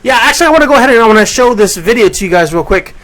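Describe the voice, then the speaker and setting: A man's voice: very high-pitched, animated, rapid-fire, a bit bright, poor audio. A man hosting a casual radio show, laid-back and slangy as he talks to his listeners.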